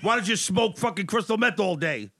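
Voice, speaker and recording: A man's voice: high voice, animated, fairly quick, bright, forceful tone, slightly rough, no echo, studio quality. A man talking as a guest on a podcast, blunt and profane, ranting his opinions. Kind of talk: casual podcast chat.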